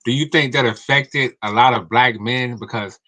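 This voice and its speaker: A man's voice: mid-range voice, moderate pace, bright, forceful tone, a little hiss or hum. A man in casual livestream chat, laid-back, often ending lines with "man".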